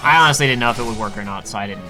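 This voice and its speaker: A man's voice: lowish voice, racing, over loud music. A man casually chatting through a video game playthrough, explaining menus and poking fun at himself. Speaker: co-host guiding a let's play. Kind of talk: casual gameplay chat.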